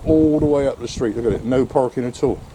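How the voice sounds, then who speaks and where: An out-of-breath vlogger with a mellow, medium-pitched voice talks quickly, grumbling and mildly swearing in exasperation. He walks a rainy street and then gets into his car, and there's a bit of hiss or hum on the recording.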